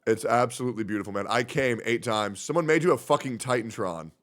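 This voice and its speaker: A male streamer reacting live, excitable and profane, breaking into loud shouts. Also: mid-range voice, quick pace.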